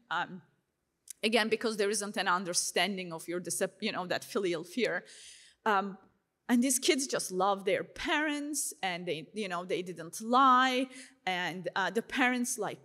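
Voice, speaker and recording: Lively woman telling her story. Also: on the high side. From Turkey. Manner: lively storytelling, voices her own past thoughts in asides; frequent fillers like "you know" and "like". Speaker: speaker sharing her faith testimony. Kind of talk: conference talk to a live audience.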